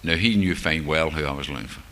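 With a rumbling low voice, a fast pace, and a fairly bright tone, an older man from near Glasgow recounts his recovery to a group. He tells it openly as personal testimony, turning wry humor on himself.

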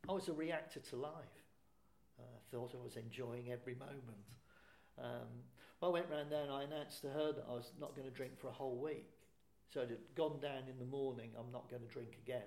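A man's voice: mid-range voice, gravelly, darkish tone, reverberant. An older man from England frankly telling his own story, self-deprecating and plain-spoken. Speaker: speaker sharing recovery story. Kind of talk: personal testimony talk.

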